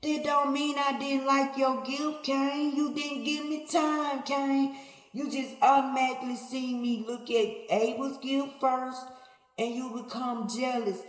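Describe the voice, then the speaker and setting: A woman's voice: high-pitched, steady tone, unhurried, faint music behind, voice pushed up. A woman voicing God as he scolds a jealous son, with stern, repetitive questioning. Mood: scolding. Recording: echoey hall, faint ambience.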